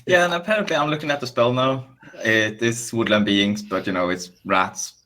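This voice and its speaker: Bright-voiced man at a tabletop game. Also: medium pitch, moderate pace. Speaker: player. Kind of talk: casual tabletop play.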